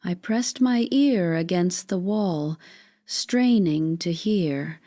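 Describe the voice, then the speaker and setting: A woman giving a measured, scripted first-person dramatic narration as a storyteller. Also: lowish voice, expressive, mellow, no room sound, studio quality.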